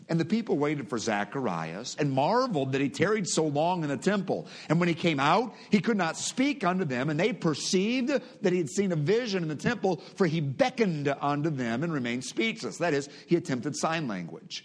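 A man's voice: fairly high pitch, sing-song, normal speed, hardly any pauses. A middle-aged man preaching a sermon, reading scripture aloud and leading his congregation in prayer. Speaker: pastor.

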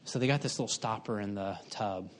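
A man's voice: lowish voice, a little fast. A middle-aged man preaching, telling a folksy, self-mocking story with humor. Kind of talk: sermon.

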